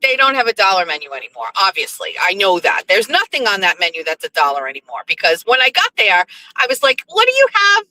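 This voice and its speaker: Woman, host, casual storytelling, chatty and profane, bright tense voice, very lively pitch. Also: fast talker, no echo, rough recording. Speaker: radio show host.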